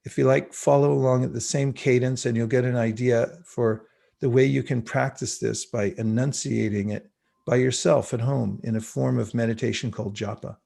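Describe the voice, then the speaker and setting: A man teaching an online spiritual class by video call, speaking reflectively and slowly chanting mantras for listeners to repeat. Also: medium pitch, fairly even intonation, gravelly, warm tone.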